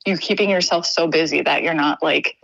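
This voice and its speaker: A young adult woman from Wisconsin, a podcast guest telling a personal story in an earnest, halting way with many restarts. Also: low voice, gravelly, fairly bright tone, dry recording, low-quality recording.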